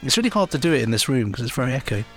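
A man's voice: mid-range voice, sing-song, racing, a bit bright, faint music behind. Enthusiastic chatty male podcast host. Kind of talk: casual chat.

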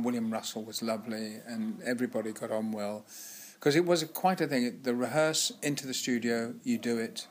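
A man's voice: medium pitch, a little hiss or hum. An older man and former actor, telling chatty, laughing anecdotes in an interview with frequent restarts. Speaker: guest actor.

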